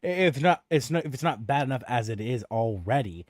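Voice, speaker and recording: A man's voice: medium pitch, lively intonation, brisk, no echo, clean studio sound. A man streaming live reactions to news clips, talking casually with sarcastic, profane, scornful asides.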